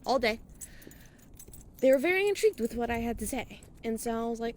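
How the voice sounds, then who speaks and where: A young woman, a vlogger and podcaster, records herself walking outside at night, a bit out of breath from the walk. Her voice sits a little high with big swings in pitch, and she talks fast but leaves long pauses. It's a casual, rambling personal monologue with plenty of swearing.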